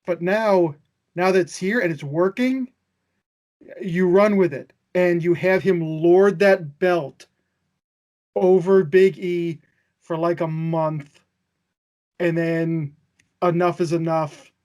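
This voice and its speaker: Blunt man with a very high voice. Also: a little mellow. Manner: blunt and emphatic. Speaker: wrestling podcast panelist. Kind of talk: casual panel chat.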